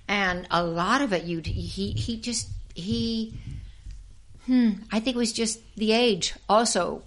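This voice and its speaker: Lively older woman telling showbiz stories. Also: medium pitch. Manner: lively storyteller who acts out quoted voices and laughs often. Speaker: interview guest, former actress and dancer. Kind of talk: casual anecdotal storytelling.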